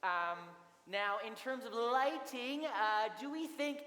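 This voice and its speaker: A young man on a school stage playing a pretentious, stammering high-school drama director who patronizes his students. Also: animated, slow pace, pushed and bright, exaggerated voice. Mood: pompous. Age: young adult. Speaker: drama teacher character in a school play. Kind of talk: stage comedy acting. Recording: echoey school auditorium, faint room noise.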